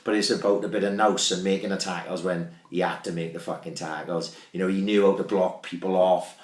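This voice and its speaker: Very low-voiced quick talker, blunt and sweary, echoey room. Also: male voice, fairly even intonation. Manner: blunt, fast, sweary talk about football. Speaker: podcast guest. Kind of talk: casual chat.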